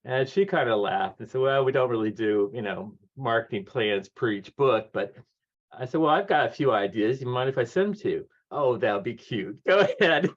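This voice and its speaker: A man in his sixties, a guest author telling lively stories, acting out the voices of people he quotes and laughing often. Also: medium pitch, brisk. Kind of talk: conversational storytelling. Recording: dull lo-fi audio.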